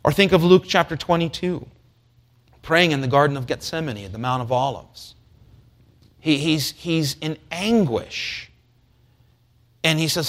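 A man preaching a sermon, shifting between hushed, slow passages and rising, fervent stretches. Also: fairly high pitch.

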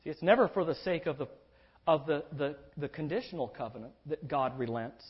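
A man preaching an expository sermon, emphatic and animated, drawing out key words for stress. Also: fairly high pitch, brisk, husky. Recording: dull lo-fi recording.

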